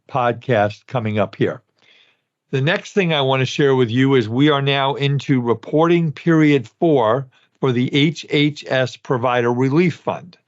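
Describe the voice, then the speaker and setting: A man's voice: medium pitch, muffled recording. A man in his sixties hosting a podcast, talking in a folksy, rambling way straight to his listeners. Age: 60s. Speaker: podcast host. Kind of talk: casual podcast talk.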